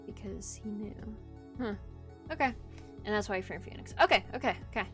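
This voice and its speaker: A woman's voice: medium pitch, a little fast, music in the background. Giggly young woman streaming a game. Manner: giggly, swearing, self-talk. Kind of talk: casual game stream commentary.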